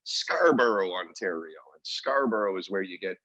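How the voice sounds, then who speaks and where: A man with a low, husky voice co-hosts a casual podcast and rambles through stories with self-mocking humor. The sound is dry and a bit dull, like budget podcast audio. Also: animated, moderate pace, a bit bright, dry recording. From Canada. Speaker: podcast co-host. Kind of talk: casual chat.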